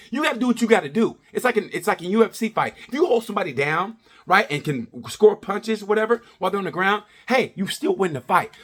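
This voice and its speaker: Guy vlogging a race review, swears a ton, rambles, pitch jumps all over, kinda high voice. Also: a bit bright. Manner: profane, rambling, jokey. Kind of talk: casual ranting review.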